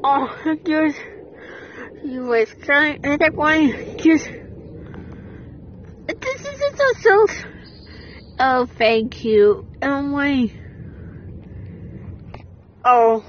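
Excitable woman, high lively voice, unhurried delivery, exclamations and swearing, dull lo-fi audio with faint music. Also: a little hiss or hum.

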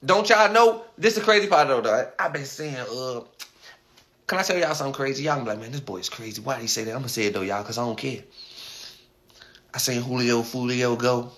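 A man talking casually to his livestream viewers, animated and rambling, repeating himself often. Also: medium pitch, fairly quick, a little hiss or hum.

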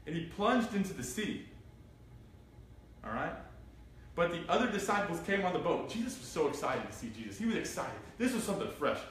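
Animated preacher in an echoey room. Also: male voice, fairly high pitch, brisk. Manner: animated, asks the group questions, reads scripture aloud. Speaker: pastor. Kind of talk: interactive Bible study sermon. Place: church room. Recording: echoey room from far off, faint noise.

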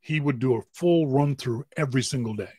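A man hosting a podcast, giving casual advice on camera and stressing words with big jumps in pitch and loudness. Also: a little fast, husky, dry recording. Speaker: podcast host.

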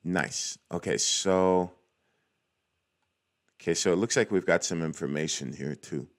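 A man's voice: deep voice, unhurried. A young man hosting a casual screen-recorded walkthrough, chatty and cheering small wins as he goes. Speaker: cybersecurity tutorial host.

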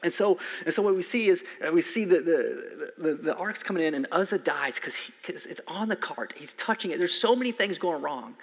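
A man in his forties preaching a conversational sermon as a pastor, swinging from loud emphasis to soft near-whispers. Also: on the high side, expressive, brisk, gravelly, hardly any pauses. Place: church sanctuary. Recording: long hall reverb from a church sanctuary.

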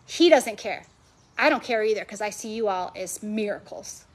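At an event venue filled with a live audience, a women's ministry speaker preaches with passion and emphasis, layering phrase upon repeated phrase. Her mid-range voice moves at a moderate pace with lively intonation.

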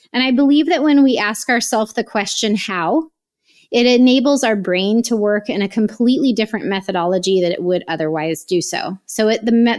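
A woman in her late thirties, a podcast guest telling a personal story in an animated, chatty way and acting out her own past words. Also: medium pitch. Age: 30s. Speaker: podcast guest, real estate investor. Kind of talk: casual interview chat.

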